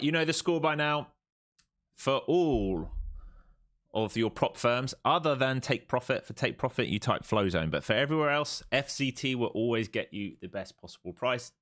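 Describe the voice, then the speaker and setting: A man hosts a live trading stream with a fairly low voice, calling out price levels as he goes. He repeats himself often and mixes urging commands with offhand jokes. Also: fairly bright tone. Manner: jokey, repetitive, urging. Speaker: live stream host and trader.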